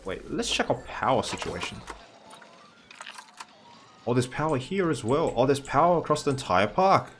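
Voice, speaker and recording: A man's voice: medium pitch, very animated, moderate pace, long pauses, a little hiss or hum. A man giving casual gameplay commentary, thinking aloud with wry asides. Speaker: gaming channel host.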